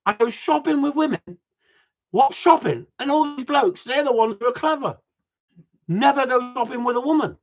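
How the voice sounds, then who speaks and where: A man's voice: fairly high pitch, highs cut off. A man hosting a live stream, telling a story as a casual rant with lots of swearing. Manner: animated storytelling with frequent swearing. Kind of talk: casual ranting chat.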